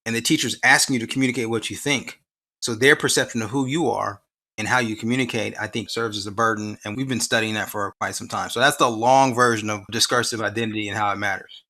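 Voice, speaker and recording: A man's voice: lowish voice, steady tone, quick pace, bright, forceful tone. A man being interviewed as an education researcher, explaining ideas at length and posing rhetorical questions with emphasis. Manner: expansive, emphatic, often asks rhetorical questions. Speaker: guest researcher in science education.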